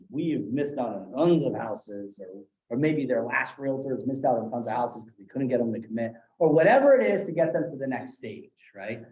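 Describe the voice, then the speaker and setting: A man running a live sales training session, animated, acting out different tones of voice as examples. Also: mid-range voice. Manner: animated, demonstrates tones with acted quotes. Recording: echoey room.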